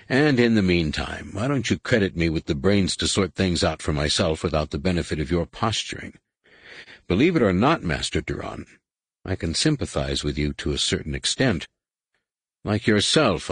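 A man reading the part of a stern, dignified alien admiral who speaks in a dry, measured way. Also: deep voice, husky, no room sound, full character voice.

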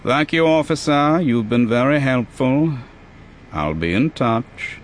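A man reading a story, voicing a scheming banker in a measured, formal way. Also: medium pitch, expressive, slight background noise, voice pushed up. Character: smooth scheming male banker, inspector.

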